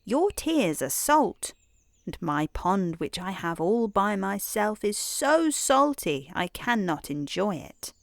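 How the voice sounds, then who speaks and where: Woman reading as a fretful talking frog from a storybook, coaxing, slow and soft, dry. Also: mid-range voice, very animated, gravelly, no echo, exaggerated voice. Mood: fussy.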